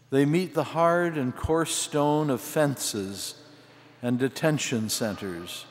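An older man preaches a homily, breaking his lines into short, deliberate phrases. He speaks very slowly at a middle pitch. His voice rings out with the long reverb of a large cathedral. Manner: slow, measured delivery in short phrases. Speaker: archbishop preaching. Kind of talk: sermon.

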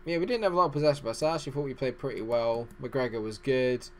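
A man's voice: mid-range voice, fast, a little hiss or hum. A man hosting a gaming channel, giving rambling, self-deprecating let's-play commentary.

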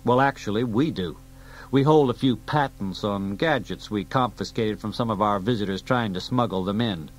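A man's voice: on the low side, normal speed, slight background noise, lightly acted. A man voicing a seasoned male secret agent who explains things in a dry, matter-of-fact way.

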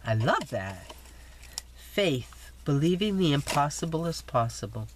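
Her voice is low with big pitch swings and an unhurried pace as this scrapbooking vlogger chats about the mail she received. Recovering and coughing, she gushes and teases herself, and there's a faint hiss or hum.

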